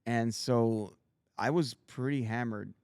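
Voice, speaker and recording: A man, telling animated stories and acting out the people in them as a guest. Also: mid-range voice, slow pace, smooth, no room sound, studio quality. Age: 50s. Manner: animated storyteller acting out voices. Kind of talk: casual storytelling.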